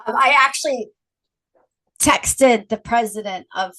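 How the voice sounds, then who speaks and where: A woman's voice: a little high, a little slow, pushed and bright, rough recording. A middle-aged woman being interviewed, talking frankly and animatedly and laughing often. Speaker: guest, brand founder. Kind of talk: candid interview conversation.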